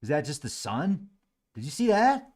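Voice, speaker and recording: A man's voice: fairly high pitch, sing-song, darkish tone. Male host, chatty and sarcastic, talks to himself over footage, voice rises and falls a lot. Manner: musing, sarcastic, quick to laugh. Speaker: host commenting on live webcam footage. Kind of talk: casual thinking-aloud commentary.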